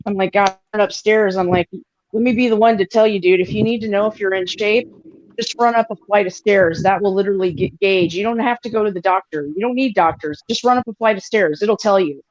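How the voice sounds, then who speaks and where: A woman's voice: medium pitch, a little fast, dry recording. Woman rambling on a sports podcast, swears a bunch, kinda muffled sound. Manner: rambling, animated, swears freely, filler-heavy. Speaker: podcast co-host. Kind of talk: casual sports chat.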